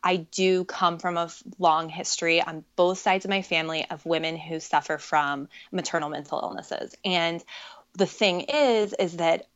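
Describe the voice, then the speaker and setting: A woman's voice: on the low side, fairly even intonation, normal speed. Earnest woman guest, dull lo-fi audio. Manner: earnest, reflective, many fillers. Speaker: podcast guest. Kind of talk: candid personal conversation.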